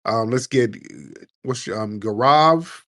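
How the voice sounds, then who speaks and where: A man's voice: mid-range voice, slow, fairly bright tone. Blunt teasing male talk host. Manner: blunt, teasing, casual slang. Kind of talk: call-in talk show.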